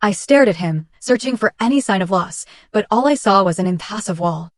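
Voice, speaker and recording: A woman reading a first-person story as scripted narration, in a steady, measured way. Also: medium pitch, dry recording, clean studio sound.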